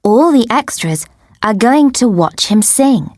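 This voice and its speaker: A woman narrating a simple first-person story for English learners in a clear, deliberate way. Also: on the high side, expressive, darkish tone, dry recording, clean studio sound. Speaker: audiobook narrator.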